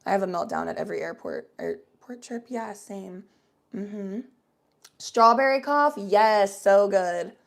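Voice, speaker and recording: A woman's voice: mid-range voice, unhurried, creaky. A young woman from the United States, hosting a casual livestream and chatting loosely and playfully with viewers, with lots of fillers. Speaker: livestream host. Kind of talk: casual livestream chat, reading viewer comments aloud.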